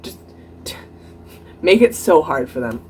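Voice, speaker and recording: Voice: mid-range voice, sing-song, measured pace, a little mellow, rough recording. Young adult vlogger, casual story time, mid-range voice, chatty, filler-heavy, faint room noise.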